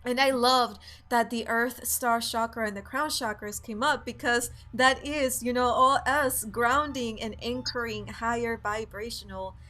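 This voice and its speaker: A woman's voice: on the high side, fairly even intonation, a little slow, few pauses, pushed and bright. A young woman co-hosting a spiritual chat, talking in an impassioned, emphatic way. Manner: impassioned, emphatic, builds to emotion. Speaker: co-host.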